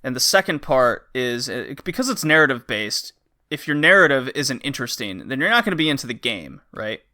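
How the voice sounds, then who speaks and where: A man's voice: mid-range voice, big pitch swings, fairly quick, sharp tone. A man hosting a podcast who chats casually about a game, rambling and acting out the characters' lines. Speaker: podcast host. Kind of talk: casual game review chat.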